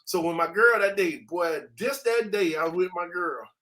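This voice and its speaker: High-voiced man telling a story. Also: normal speed. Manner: animated, slangy, acts out sounds. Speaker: interview guest. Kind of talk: casual storytelling.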